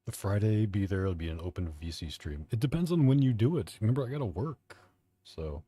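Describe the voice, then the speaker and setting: Young male streamer, low husky voice, dry close mic, casual and foul-mouthed, self-deprecating. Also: animated, fairly quick, mellow, no room sound. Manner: profane, offhand, self-mocking. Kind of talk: casual live-stream chat.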